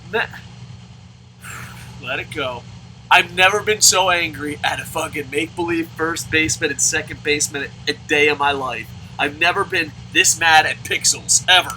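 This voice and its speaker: A man's voice: a little high, pushed and bright, a little hiss or hum, low-quality recording. A man hosting a let's play, commenting on a baseball game and answering viewer comments in a profane, ranting way.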